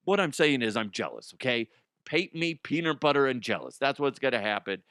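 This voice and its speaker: A man's voice: medium pitch, lively intonation, fairly quick, a bit bright, smooth, no echo, studio quality. A man hosting a comedy news show, rambling and profane, often dropping into silly put-on voices.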